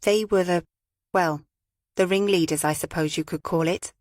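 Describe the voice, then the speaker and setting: A woman's voice: on the low side, fairly even intonation, moderate pace, darkish tone, no room sound, studio quality, natural voice. A woman doing an earnest witness with a slight Australian twang. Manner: hesitant, earnest.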